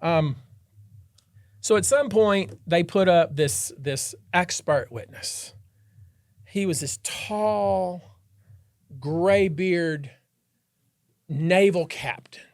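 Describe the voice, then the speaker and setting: A man hosting a podcast, a trial lawyer telling a story in an animated, dramatic way and acting out the scenes. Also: high voice, drawn-out words, long pauses, dry recording. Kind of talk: casual storytelling chat.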